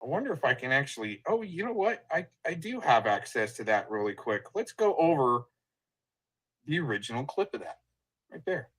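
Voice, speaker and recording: A man's voice: mid-range voice, very animated, normal speed, fairly bright tone, slightly rough, rough recording. A man hosting a livestream, ranting in profane, combative commentary over clips he plays. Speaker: livestream host.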